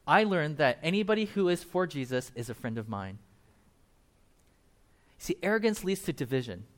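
A man preaching a sermon in a conversational, animated way, laughing now and then and adding asides. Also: on the high side, normal speed, pauses often. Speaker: pastor.

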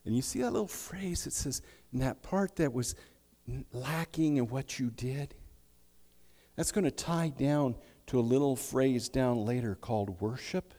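A man's voice: medium pitch, animated, unhurried. Emphatic male preacher in a reverberant hall. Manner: emphatic, swinging from hushed to loud. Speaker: pastor. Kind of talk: sermon. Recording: long reverb of a large hall.

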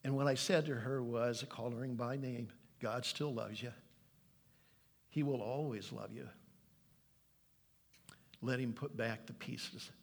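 Older man, pastor, earnest sermon, emphatic scripture reading, mid-pitched voice. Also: vocal fry. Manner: earnest, pleading, reads scripture aloud with emphasis.

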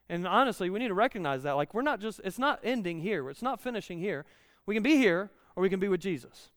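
A man's voice: high voice, lively intonation, fast talker, hardly any pauses, no echo, clean studio sound, big-room sound. A man in his thirties preaching a conversational sermon, repeating key lines and rising in volume when he reads scripture.

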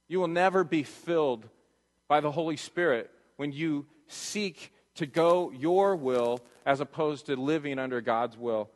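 A man's voice: on the high side, fairly bright tone. A man preaching a sermon as pastor, earnest and emphatic, repeating his points to drive them home, in a church sanctuary. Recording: reverberant church hall.

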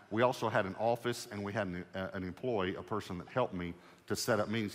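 Low-voiced preacher telling a story. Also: male voice, long reverb tail. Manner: lively storyteller who acts out his own dialogue with the Lord. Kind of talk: sermon testimony storytelling.

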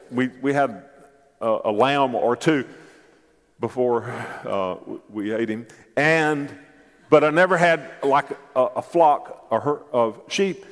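A male pastor preaches at an unhurried pace, leaning on key words and checking in with his listeners. His voice sits at an ordinary middle pitch. It rings out in a church with a long, trailing reverb. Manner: emphatic, repeats words, addresses the congregation directly. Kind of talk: sermon. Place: church sanctuary.

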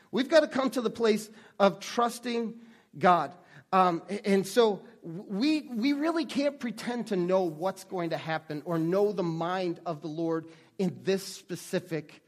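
A male pastor with a high, light voice delivers a sermon in an earnest, conversational way. He often stumbles and restarts his sentences as he talks to his congregation. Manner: earnest, halting with frequent restarts.

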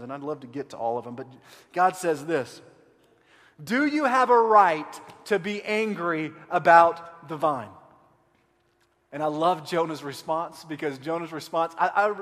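A high-pitched male pastor preaching with impassioned energy. He drops low and quiet, then climbs into loud emphatic runs. His voice rings out with a long reverb, as in a large church hall. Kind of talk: sermon.

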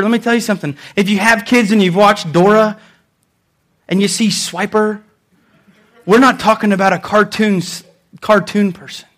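Man, pastor, high voice, emphatic sermon, punchy repetitions, talks straight to the crowd. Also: fairly even intonation, moderate pace, a bit bright.

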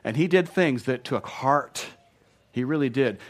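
A man's voice: medium pitch, a little slow. A man in his thirties, a pastor, preaching a sermon in an earnest, emphatic way and often repeating words. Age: 30s.

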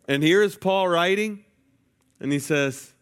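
Man, preacher, church sermon, animated storytelling, joking asides. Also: high-pitched, unhurried, clean tone. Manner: lively, jokey asides to the congregation. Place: church sanctuary.

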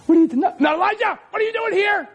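A man's voice: very high-pitched, measured pace, shouting. A male preacher voicing God as a close, tender fatherly figure, speaking to a listener in a church. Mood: gently teasing.

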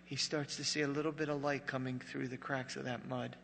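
A man preaching a sermon as pastor, a joking, conversational storyteller who drops to a hush for dramatic moments. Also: medium pitch, little pitch movement, a little fast, vocal fry, in a large hall, a little hiss or hum.

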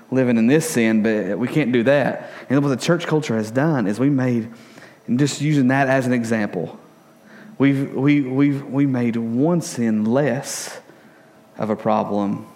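A young adult man preaching a sermon in a relaxed, joking way, full of stories and fillers. His voice sits at an ordinary middle pitch. He often jumps higher and louder when excited and drops low to make a serious point. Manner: casual, joking, animated storytelling with many fillers. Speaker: pastor.

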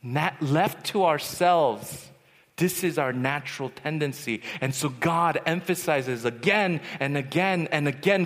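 A man's voice: fairly high pitch, a little slow. A young man preaching at a youth retreat, telling personal stories and acting out the voices in them. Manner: animated storyteller, acts out voices. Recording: long hall reverb.

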